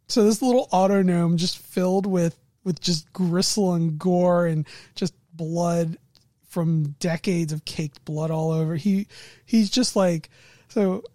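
A woman game master casually recounting a tabletop game session, animated and laughing often. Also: on the low side, no echo, studio quality.

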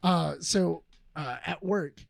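A man's voice: on the high side, slow pace, creaky. A man co-hosting a podcast, telling a rambling story in casual chat, often restarting his sentences. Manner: rambling, self-interrupting storyteller. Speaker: podcast co-host.

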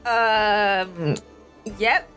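A woman's voice: mid-range voice, very slow, a bit bright, faint music behind. A woman playing a tabletop game, teasing and making puns in casual banter. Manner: teasing, punning. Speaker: player.

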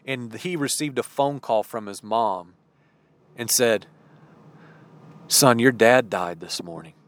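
A man preaching a sermon, telling a story slowly and dramatically and acting out the dialogue. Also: mid-range voice.

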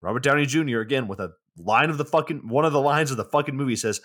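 Chatting casually as a podcast co-host, this man walks through a movie scene by scene in a loose, rambling way, swearing freely and padding gaps with "you know" and "like." His pitch is middling for a man, his tone fairly bright, and he talks fast.

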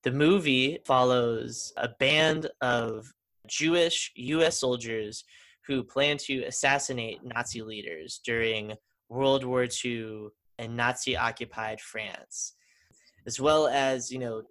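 A man's voice: medium pitch, steady tone, takes it slowly, pushed and bright. A man co-hosting a podcast in casual chat, enthusiastic and rambling with restarts. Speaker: podcast co-host.

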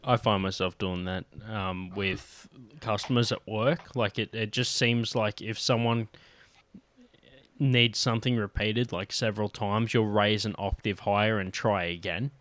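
A man's voice: on the low side, fairly even intonation, unhurried, fairly bright tone. Swearing, laughing man telling pub stories. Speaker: podcast co-host. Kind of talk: casual chat.

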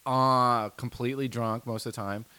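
A man's voice: medium pitch, steady tone, moderate pace, bright, forceful tone, clean tone. A man, a comedian guest on a podcast, talking in casual chat in a reflective, wry, rambling way.

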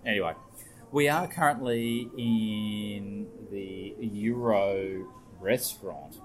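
Man, easy low-voiced pub chat. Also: slow pace, faint music behind, poor audio. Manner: jokey, rambling, swears casually. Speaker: podcast co-host. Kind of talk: casual chat. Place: restaurant bar.

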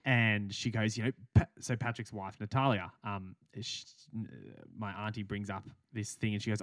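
A man's voice: on the low side, steady tone, fairly quick, few pauses, no echo. A young adult Australian man co-hosting a podcast, rambling through a story with casual swearing and laughs. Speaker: podcast co-host. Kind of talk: casual chat.

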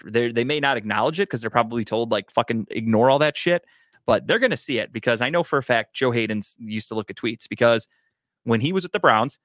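Man sports podcaster: rapid, profane, dry close mic. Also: medium pitch, fairly bright tone, no room sound. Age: adult, grown older. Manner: profane, fast storytelling. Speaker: podcast host, sports fan. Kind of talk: casual sports chat.

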